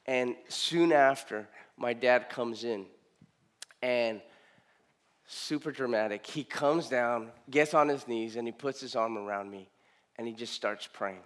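A middle-aged man preaching a sermon, telling a personal story with emotional repetition and loud rising emphasis. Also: mid-range voice, measured pace. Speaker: pastor.

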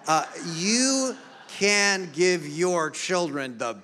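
A middle-aged man preaching a sermon, moving between soft, low storytelling and loud, emphatic appeals. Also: very animated, drawn-out words. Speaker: pastor.

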